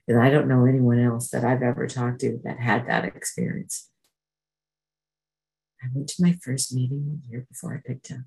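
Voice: mid-range voice, steady tone, moderate pace, gravelly, dark tone, rough recording. A speaker from Canada gives an emotional personal testimony at a recovery meeting, acting out remembered voices while telling the story.

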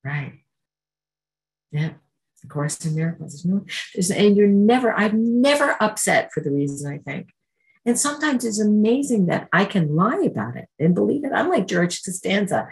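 A woman's voice: medium pitch, big pitch swings, normal speed, vocal fry, a little mellow, low-quality recording. A woman sharing her personal recovery story at a meeting, earnest and conversational, acting out the exchanges she describes.

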